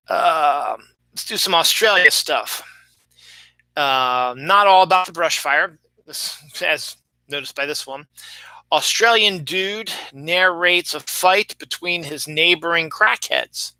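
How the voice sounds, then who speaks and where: A man's voice: fairly high pitch, takes it slowly, pushed and bright, dry recording, low-quality recording. A young man hosting a podcast, chatting casually about odd news stories in a rambling way, full of fillers and restarts. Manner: rambling, filler-heavy, self-interrupting. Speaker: podcast host.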